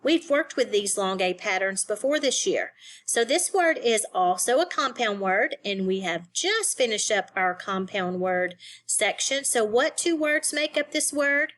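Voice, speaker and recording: A woman leads a recorded phonics lesson for young students. She talks at a slow, careful pace and breaks each word into syllables and single letters. Her voice sits in a middle pitch. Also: lively intonation, fairly bright tone. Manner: slow, deliberate, spells words letter by letter. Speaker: teacher.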